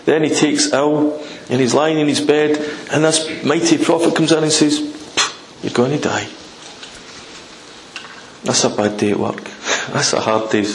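Man, preacher, casual sermon, emphatic, gravelly, echoey room with faint hiss. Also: on the high side, moderate pace, hardly any pauses. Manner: conversational, emphatic, dramatizes scripture. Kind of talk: informal sermon.

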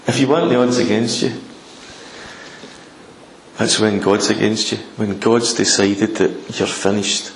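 Man, preacher, casual sermon, emphatic, gravelly, echoey room with faint hiss. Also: on the low side, fairly even intonation, a little slow, long pauses. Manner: conversational, emphatic, dramatizes scripture. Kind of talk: informal sermon.

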